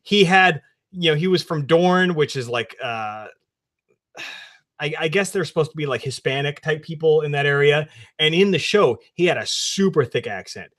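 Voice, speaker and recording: A man's voice: on the high side, animated, normal speed, a bit bright. A man co-hosting a podcast, chatting casually and enthusiastically, swearing often. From New Jersey. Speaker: podcast co-host. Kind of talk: casual chat.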